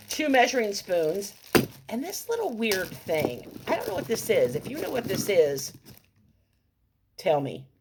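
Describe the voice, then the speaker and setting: A middle-aged woman telling a story on her vlog in an animated, playful, enthusiastic way. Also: medium pitch, slight background noise. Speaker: vlogger.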